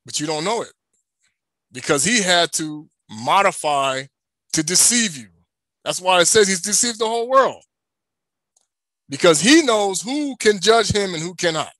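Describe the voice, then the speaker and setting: A man with a high, bright, ringing voice preaches with emphasis. He keeps asking the listener questions and then answering them himself. The sound is close and dry, with no room echo. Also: animated, measured pace, long pauses. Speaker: religious teacher. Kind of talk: preaching to an online audience.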